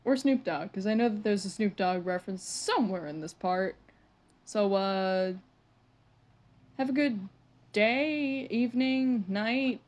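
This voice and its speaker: A woman's voice: mid-range voice, darkish tone, highs cut off. A woman hosting a casual read-through of a manga with her own reactions. She sounds weary and deflated, rambles, swears a lot and often stumbles over words. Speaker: channel host reading a manga aloud.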